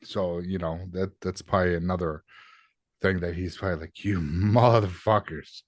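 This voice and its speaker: Man, low voice, profane joking podcast banter, dry close recording. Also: little pitch movement, brisk, no echo. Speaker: podcast co-host. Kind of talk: casual gaming podcast chat.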